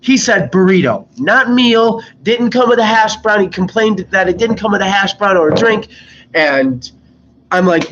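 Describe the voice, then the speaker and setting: A young man with a fairly high voice tells rambling stories from an old job, cursing freely and acting out the rude customers. The recording sounds muffled, with a faint hiss underneath. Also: expressive, a little slow, fairly bright tone. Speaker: vlogger. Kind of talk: casual storytelling.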